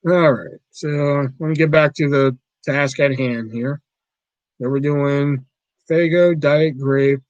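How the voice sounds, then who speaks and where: A man's voice: a little high, fairly even intonation, slow, no room sound, highs cut off. Rambling, cursing man on a livestream. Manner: rambling, profane, easily riled. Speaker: livestream host. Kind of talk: casual livestream chat.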